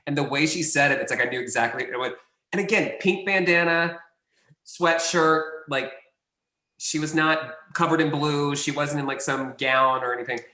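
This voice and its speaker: A man's voice: on the high side, steady tone, normal speed, pushed and bright, echoey room. A man, a casting director guest, telling a long anecdote in a rambling, self-correcting way.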